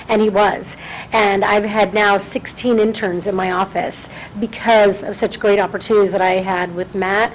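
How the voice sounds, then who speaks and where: A woman's voice: mid-range voice, steady tone, normal speed, slight background noise, poor audio. Chatty middle-aged woman addressing a board. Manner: chatty, self-deprecating, grateful. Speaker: city councilwoman, guest speaker. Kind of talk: public address at a school board meeting. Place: meeting room.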